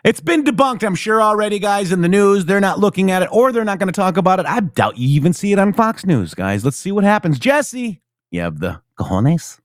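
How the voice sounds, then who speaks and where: A man hosts a casual political talk show, his voice sitting somewhat high. He reads the news with animated swings, then sinks into low, mumbled thank-yous to viewers. The sound is close and dry, with no room around it. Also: fast, hardly any pauses, dry recording. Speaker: show host.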